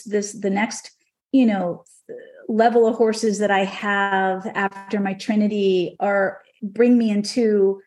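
A middle-aged woman, a horse trainer, telling a personal story on a podcast in an emotional, animated way. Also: mid-range voice.

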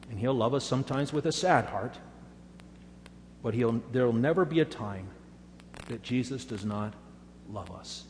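A male pastor delivers a sermon, telling his stories earnestly and pressing his assurances. His voice sits a bit high. A long hall reverb and a faint hum sit behind it. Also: dark tone. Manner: earnest storytelling, emphatic assurances.

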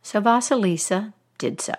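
A woman telling a folk tale aloud, expressive, with dramatic pauses. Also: medium pitch. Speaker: storyteller.

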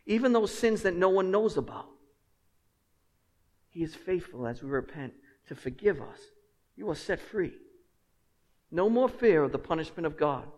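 Impassioned male preacher in a reverberant hall. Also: on the high side. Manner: emphatic preacher, swings from quiet to loud and jokes with the congregation. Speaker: pastor. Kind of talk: sermon. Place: church sanctuary. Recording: long reverb of a large hall.

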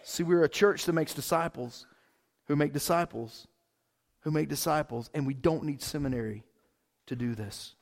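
A man preaching a sermon as pastor, casual and excited, with big swells in volume. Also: on the high side, normal speed, gravelly.

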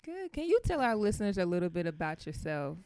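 A woman in her thirties hosting a talk show, telling stories in a lively, colloquial way. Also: on the low side, fast, smooth, faint music behind. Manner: animated, storytelling, Southern-style colloquial speech. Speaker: podcast host. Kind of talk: casual chat.

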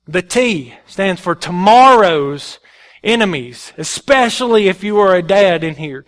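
A male pastor preaching a sermon in an animated, folksy storytelling way. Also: high voice.

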